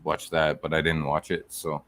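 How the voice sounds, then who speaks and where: A man's voice: extremely low pitch, completely flat delivery, normal speed, fairly bright tone, no room sound. A man co-hosting a casual podcast chat, rambling with lots of fillers. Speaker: podcast co-host.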